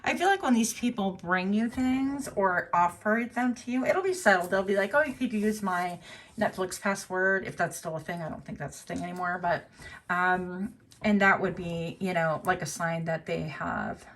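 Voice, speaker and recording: A woman gives a laid-back tarot reading at normal speed in a somewhat bright voice. She chats and muses aloud with fillers and self-corrections, now and then going high-pitched to quote someone.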